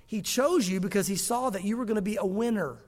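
A high-pitched male pastor preaching to his congregation in a relaxed, joking manner. He slips into the voices of the people he quotes. His voice rings with the long reverb of a church hall. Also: quick pace. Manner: conversational, humorous, acts out quoted voices. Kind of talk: sermon.

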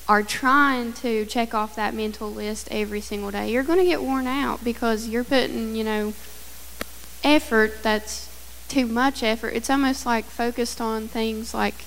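A woman's voice: a little high, steady tone, a little slow, vocal fry, fairly bright tone, a little hiss or hum. A woman sharing her thoughts in a church discussion group, earnest and reflective. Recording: reverberant hall.

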